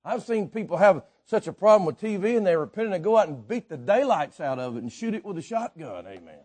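A man preaching a sermon, telling stories with folksy asides and swinging from quiet remarks to shouts. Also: sits high, very animated, fast talker.

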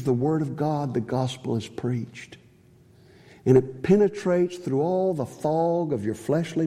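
A man preaching a sermon in a church, earnest, swinging from high emphatic phrases to low quiet ones. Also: in a large hall. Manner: earnest, rises high on key phrases and drops low on others.

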